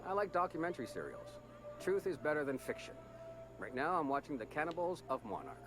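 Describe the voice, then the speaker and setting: A man voicing a nerdy young office worker, quick and quiet. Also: fairly high pitch, very animated, music in the background, pitched above the performer's own voice. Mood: earnest.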